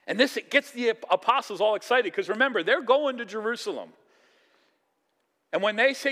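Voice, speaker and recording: A man preaching a sermon in a conversational, animated way, acting out quoted voices. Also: high voice, normal speed, pauses often, in a large hall. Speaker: pastor.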